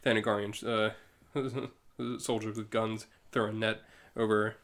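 A man's voice: lowish voice, little pitch movement, slow pace, a bit bright. A man co-hosting a casual chat, reading comic book lines aloud with playful voices and frequent laughs. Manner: reads characters aloud with playful goofy voices, laughs often. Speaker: podcast co-host.

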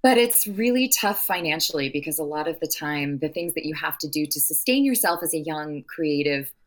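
An actress speaking in a casual interview, talking at length in a rambling way with frequent restarts. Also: female voice, low voice, expressive, brisk. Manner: long-winded, rambling with restarts.

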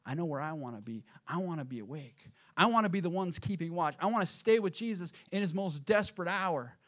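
A man preaching a sermon as pastor, addressing the congregation directly and swinging from hushed asides to loud, emphatic peaks. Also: a little high, expressive, brisk. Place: church auditorium.

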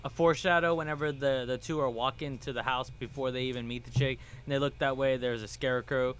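A man casually explaining a movie scene, relaxed, often trailing off and restarting words. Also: mid-range voice, quick pace, clear, resonant tone. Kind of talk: casual movie recap chat.

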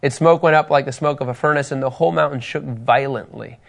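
Leading a group Bible study, a man reads scripture passages aloud and poses questions to his listeners with animation. His voice is mid-range and creaky, and he speaks at a quick pace.

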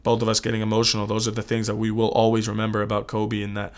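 Speaking very fast in a lowish monotone, this American sports podcast co-host keeps things casual on the show. He comes across as earnest and reflective, with frequent repeated words.

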